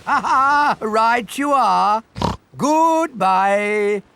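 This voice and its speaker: A woman's voice: on the high side, lively intonation, very slow, gravelly, noisy background, exaggerated voice. An actress voicing a cheerful, stubborn old male pig grandfather in a cartoon, hearty and self-assured. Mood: jolly.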